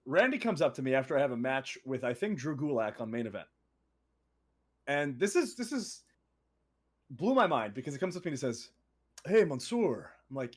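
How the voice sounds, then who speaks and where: A young man co-hosting a casual podcast, telling stories in an animated way with laughs and quoted voices. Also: medium pitch. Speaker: co-host.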